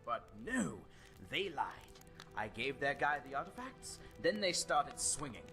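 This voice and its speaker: A man's voice: on the high side, big pitch swings, unhurried, sharp tone, soft background music, heavily acted. A man voicing a shaken, wounded male courier in a fantasy game.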